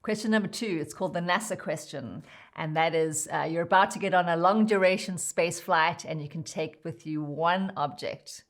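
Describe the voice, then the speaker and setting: A woman's voice: lowish voice, moderate pace. A woman podcast host asking friendly, set closing questions in an interview.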